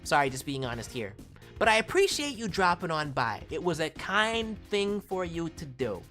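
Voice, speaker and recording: Casting: bouncy, teasing woman streamer, low voice with a wide pitch range. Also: big pitch swings, normal speed, fairly bright tone, faint music behind. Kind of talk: casual live-stream chat.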